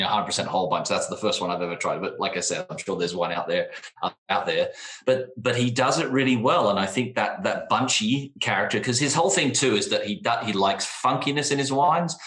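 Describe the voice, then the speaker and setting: A very deep-voiced man chatting with eager, rambling enthusiasm at a wine tasting, often restarting his sentences. His voice echoes around a roomy space, as if the mic picks up the walls. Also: fast talker, fairly bright tone. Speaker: wine trade guest. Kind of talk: casual wine tasting conversation.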